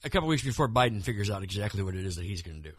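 This podcast co-host has a lowish, husky voice with lively intonation, and he races along. His casual political chat about the news rambles, with frequent restarts and repeated words, in studio-quality audio with no room sound.

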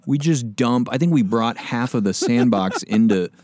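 A man chatting casually with a lively, swooping voice. He jokes, swears and laughs a lot as he talks. His tone is loose and playful throughout. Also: medium pitch, moderate pace, no room sound. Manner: joking, laughs often, swears. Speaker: podcast co-host. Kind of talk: casual chat.

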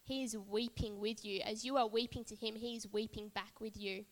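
A woman's voice: mid-range voice, steady tone, moderate pace, long reverb tail. A woman preaching a sermon at a church service, earnest and repetitive, building emphasis phrase by phrase.

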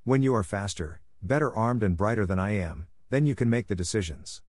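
Man voicing a bossy proud queen cat in a storybook, commanding, lowish and dry. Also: expressive, brisk, a little mellow, no echo. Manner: haughty, commanding.

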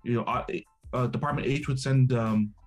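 A man in a casual podcast chat, halting and repeating words as he explains. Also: medium pitch, steady tone, soft background music. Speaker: podcast guest.

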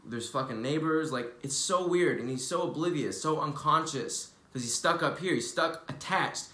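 A man's voice: fairly high pitch, moderate pace, pushed and bright. A man giving casual, preachy motivational talk on a vlog, loose and earnest, swearing freely. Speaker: spiritual wellness vlogger. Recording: roomy echo.

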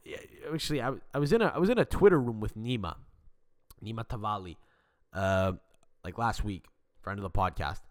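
A man hosting a casual solo podcast, rambling and swearing with many stuttering restarts, into a desk mic. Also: on the low side. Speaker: podcast host. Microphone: desk mic without arm.

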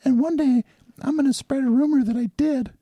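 A man putting on a high, goofy impression of a famous male wrestler, mocking and sing-song. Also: steady tone, brisk, warm tone, dry recording.

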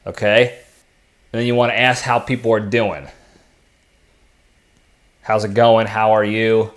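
A man's voice: lowish voice, little pitch movement, unhurried, pauses often. Chatty man giving casual advice. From lives in Texas. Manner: chatty, keeps checking in with okay and all right. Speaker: podcast host. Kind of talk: casual solo monologue.

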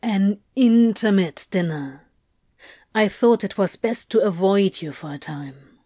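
A woman reading aloud and voicing a sly male demon who speaks low and seductively in slow murmurs. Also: lively intonation, no echo, studio quality. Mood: low, worried. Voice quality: low, hushed.

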